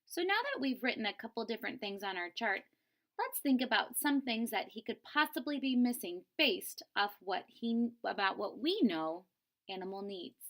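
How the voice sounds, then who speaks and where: A woman's voice: on the high side, very animated, normal speed, a bit bright. A woman teacher reading a picture book aloud to children, expressively and stopping to explain word meanings. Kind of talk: read-aloud storybook lesson.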